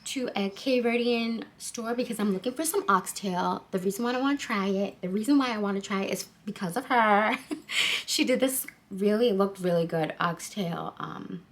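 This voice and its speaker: A woman's voice: medium pitch, moderate pace. A woman in her thirties chatting casually to her phone camera for a home vlog, full of fillers like "like" and "so yeah". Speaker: vlogger.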